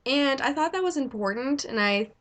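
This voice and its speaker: Young woman vlogger, excitable and chatty, gushes freely in casual talk. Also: high voice, normal speed. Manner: gushing, chatty, lots of "like". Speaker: vlogger reviewing a movie. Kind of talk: casual chat.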